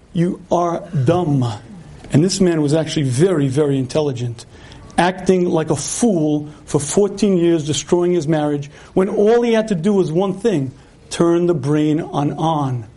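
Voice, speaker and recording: Animated, high-voiced male lecturer. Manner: animated storyteller acting out dialogue; clears throat often. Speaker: rabbi giving a lecture. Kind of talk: storytelling lecture.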